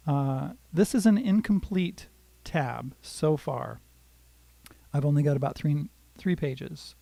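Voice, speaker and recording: Older male guitar teacher, chatty and rambling, slightly high mellow voice in a dry room with guitar behind. Casual live-lesson delivery. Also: gravelly, no room sound. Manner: chatty, rambling, greets viewers by name.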